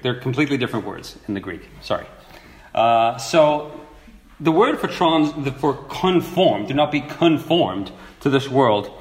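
Male preacher, unhurried and expressive, emphatic repetition, recorded with room echo. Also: fairly high pitch. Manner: slow, lively teaching with emphatic repetition. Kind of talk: sermon.

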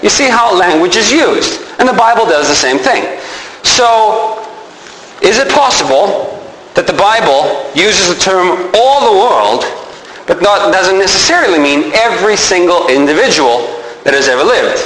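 A man's voice: sits high, big pitch swings, unhurried, fairly bright tone. Man preaching in an echoey hall. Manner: asks rhetorical questions, then answers them. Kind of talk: sermon teaching. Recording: echoey hall with faint background noise.

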